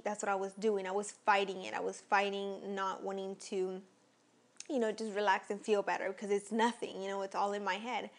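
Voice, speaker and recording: A young woman vlogger telling a personal story in a casual, rambling way, full of fillers and restarts. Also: mid-range voice.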